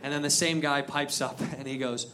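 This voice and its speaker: A man's voice: on the high side, steady tone, moderate pace. A man performing a stand-up comedy set before a live audience, telling a story animatedly and acting out the characters. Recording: live show with crowd and noise. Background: audience laughter.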